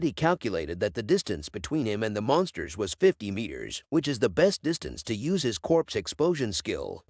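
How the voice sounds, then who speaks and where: A man reading a scripted story recap as narrator, in a steady, even storytelling manner. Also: medium pitch, no echo, studio quality.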